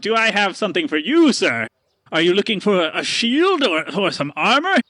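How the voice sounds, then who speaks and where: A man voicing a boastful showman merchant, with a theatrical sales pitch and drawn-out words, in a tabletop role-play. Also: sing-song, sharp tone, no echo, heavily acted. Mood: grand.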